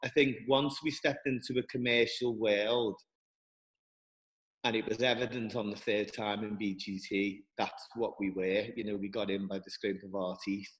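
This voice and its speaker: A man speaking earnestly and haltingly as a guest, often restarting his sentences. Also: fairly low pitch, in a large hall, rough recording. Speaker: guest, dance school director. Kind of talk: reflective interview talk.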